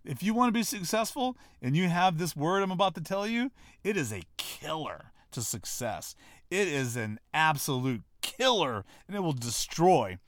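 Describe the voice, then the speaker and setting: A man's voice: a little high, a bit bright, dry recording. A man giving a blunt motivational talk, brash and profane, mocking people and hammering his points. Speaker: motivational speaker.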